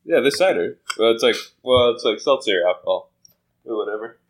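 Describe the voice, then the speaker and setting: A man's voice: medium pitch, expressive, fairly quick, a little hiss or hum. A man brainstorming a story in casual chat, playful and laughing often.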